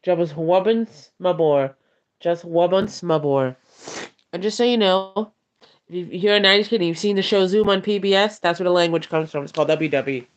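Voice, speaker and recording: A woman ASMR streamer chatting in a soft-spoken, rambling manner during a livestream. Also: medium pitch, fast. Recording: dull lo-fi stream audio.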